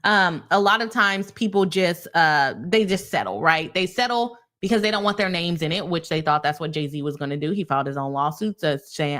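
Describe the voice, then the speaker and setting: A woman's voice: on the low side, a little fast. Heated woman talking legal commentary. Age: young adult. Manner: animated, heated, addresses viewers as y'all. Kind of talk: casual live-stream commentary.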